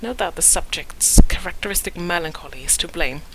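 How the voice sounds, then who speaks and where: A woman doing a hushed, pompous scholar woman. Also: on the low side, lively intonation, brisk, background noise. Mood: lecturing. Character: fussy scholarly woman researcher, self-important.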